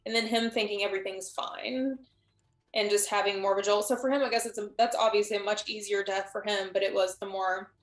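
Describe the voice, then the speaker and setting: A woman's voice: medium pitch, fairly even intonation, brisk. Rambling woman in an echoey room. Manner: rambling, thinks aloud with many restarts. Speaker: guest. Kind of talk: casual chat on a live stream.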